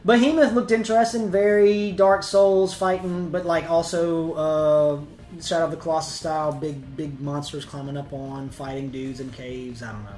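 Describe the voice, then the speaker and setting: A man's voice: fairly high pitch, little pitch movement, normal speed, a little mellow, distant mic, faint music behind. A man co-hosting a casual livestream chat, rambling and emphatic as he talks in bursts. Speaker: co-host. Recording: roomy echo.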